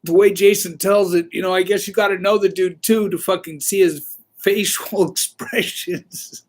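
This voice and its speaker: A man's voice: sits high, steady tone, moderate pace. A man hosting a casual livestream, telling rambling, profane stories with a laugh now and then. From Southern California. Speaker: livestream host.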